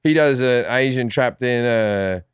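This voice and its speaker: A man's voice: mid-range voice, unhurried, clear, resonant tone, dry recording, clean studio sound. An Australian man guesting on a podcast, talking in a blunt, profane, rambling way with lots of restarts. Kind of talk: casual chat.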